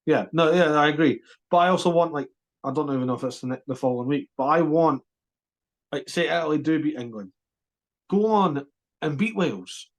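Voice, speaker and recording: Animated man, higher voice. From Scotland. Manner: animated, emphatic, quick restarts. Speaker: podcast co-host. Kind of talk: casual sports chat.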